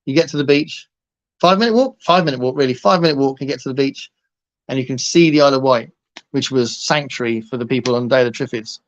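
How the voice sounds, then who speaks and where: In muffled lo-fi livestream audio, a man with a mid-range voice talks at a quick pace. He's the host, bantering casually with viewers, laughing a lot and wandering between subjects.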